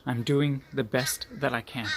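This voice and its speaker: A man's voice: medium pitch, fairly even intonation, measured pace, noisy background, lightly acted. A small, stubborn hummingbird, voiced by a man in a storyteller's own near-natural voice. It talks earnestly and firmly, without panic. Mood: resolute. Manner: earnest, resolute. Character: tiny determined hummingbird, steadfast.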